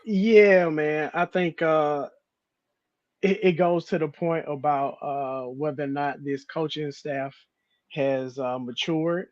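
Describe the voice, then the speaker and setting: Co-host, male, slightly high voice, measured delivery, lo-fi dry line. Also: no room sound. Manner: measured, calm, hesitant fillers. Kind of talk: casual sports talk.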